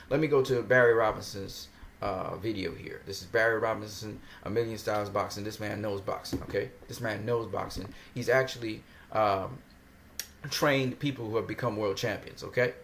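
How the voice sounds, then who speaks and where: A man's voice: lowish voice, gravelly, a little hiss or hum. A man giving casual, emphatic commentary on boxing videos, often repeating himself. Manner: conversational, repetitive, emphatic.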